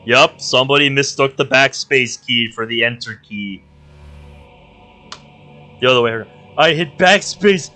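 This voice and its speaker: A man's voice: medium pitch, a little slow, pauses often, bright, forceful tone. Man reading a game aloud over faint music. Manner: reads narration aloud with emotional outbursts. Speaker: game streamer. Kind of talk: dramatic live reading of a visual novel.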